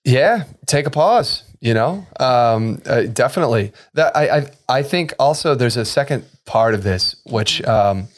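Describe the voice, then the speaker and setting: Guy on a podcast, rambly, lots of ums, gets animated making points. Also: mid-range voice, a little slow, hardly any pauses. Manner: rambling, many fillers and restarts, animated emphasis. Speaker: podcast co-host. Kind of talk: casual podcast chat.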